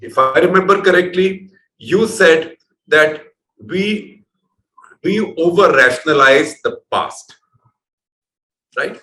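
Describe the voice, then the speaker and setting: A man's voice: fairly high pitch, takes it slowly, pauses often, bright, forceful tone, reverberant, low-quality recording. A man from India hosting an interview, introducing his guest at length in a discursive, conversational way. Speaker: interviewer, show host.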